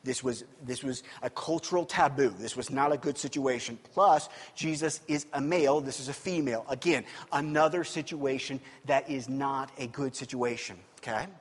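A man's voice: medium pitch, normal speed, few pauses, breathy edge, long reverb tail. A male preacher giving a sermon in a conversational style, often checking in with listeners. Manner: animated, conversational, keeps asking "okay?".

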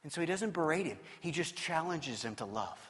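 Guy pastor preaching, animated storyteller, big hall reverb on his voice. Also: fairly high pitch, brisk. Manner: animated storytelling, swings from loud to hushed. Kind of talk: sermon.

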